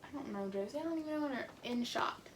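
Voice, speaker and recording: Young co-host, casual podcast chat, playful unsure guesser, slightly high voice, faint hiss. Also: female voice, lively intonation, quick pace.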